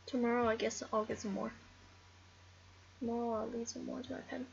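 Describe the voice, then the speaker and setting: Woman, gameplay commentary, excitable, chatty, slightly high voice, dull lo-fi mic. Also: brisk, vocal fry, a little hiss or hum. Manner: excitable, rambling, talks to game animals. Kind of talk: casual game commentary.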